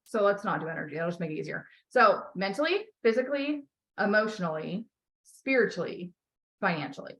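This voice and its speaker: Brief: woman life coach, blunt and encouraging, swears freely, mid-pitched. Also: sing-song, brisk, rough recording. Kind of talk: coaching call.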